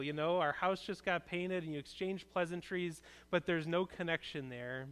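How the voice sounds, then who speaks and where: A man's voice: a little high, fairly even intonation, fairly quick, few pauses, a bit bright, clean tone. A man preaching a conversational, earnest sermon as a pastor in a church, often restarting his phrases.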